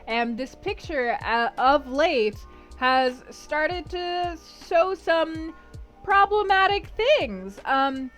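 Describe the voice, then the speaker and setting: A woman's voice: high-pitched, animated, very slow, a bit bright, faint music behind. A woman hosting a book club stream, recapping a novel in a chatty way with lots of fillers.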